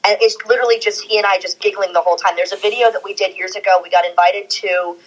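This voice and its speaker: A woman guest on a podcast, telling animated stories in casual chat and acting out the quotes. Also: mid-range voice, fast talker, poor audio. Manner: animated storyteller, acts out quotes.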